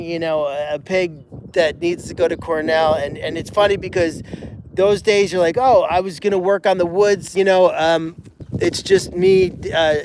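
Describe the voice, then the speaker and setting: A man's voice: on the high side, background noise. A man who runs an animal sanctuary, chatting in a rambling, casual way on a live stream, with many restarts and fillers. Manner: rambling, frequent restarts and "you know" fillers.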